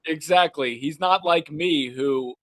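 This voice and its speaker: A man's voice: a little high, a little slow, a bit bright, no room sound. A man co-hosting a comedy podcast, mocking and crude, with sarcastic banter. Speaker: co-host.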